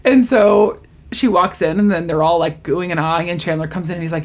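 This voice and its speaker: A woman's voice: lowish voice, fairly quick. A woman co-hosting a casual chat, animatedly retelling a sitcom episode and acting out the characters' lines.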